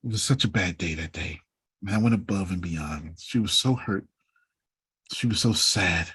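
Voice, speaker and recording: A man's voice: sits low, normal speed, a bit bright, husky, full character voice. A man mimicking a woman coworker who tells a customer-service story dramatically. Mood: dramatic.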